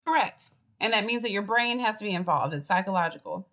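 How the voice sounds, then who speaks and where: A college professor with a Boston accent teaches a class over a video call. She explains things in a lively, chatty way and speaks at an ordinary pitch for a woman. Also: fairly quick. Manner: lively, chatty teaching with acted example voices. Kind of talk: online class lecture.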